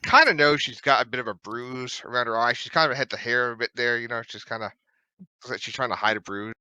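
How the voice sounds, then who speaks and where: A man narrating as dungeon master in a tabletop game, in a loose, halting way with many fillers. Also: medium pitch, fairly even intonation, pushed and bright, clear, resonant tone, dry recording, rough recording.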